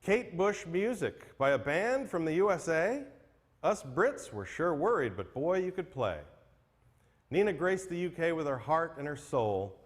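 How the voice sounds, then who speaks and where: A man's voice: fairly high pitch, sing-song, unhurried. A man serving as emcee at a memorial livestream, reading tribute poems aloud with earnest, self-deprecating care, then introducing the next acts. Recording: long hall reverb.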